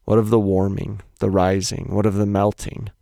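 Bewildered grieving fish, read by a deep-voiced man. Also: completely flat delivery, gravelly, warm tone, dry recording, studio quality. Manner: slow, bewildered pleading questions. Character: troubled fish in polluted seas.

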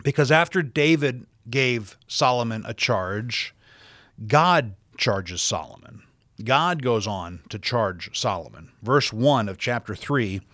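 Man, pastor, sermon, emphatic, mid-pitched voice, dry close sound. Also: expressive, slow, fairly bright tone, no room sound. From South Dakota, USA. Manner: emphatic, repeats key words for stress; reads scripture in old-fashioned wording.

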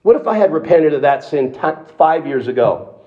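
A man's voice: on the high side, animated, normal speed, warm tone, muffled recording. Man preaching a conversational sermon. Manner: conversational, emphatic, with frequent restarts and rhetorical questions. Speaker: pastor.

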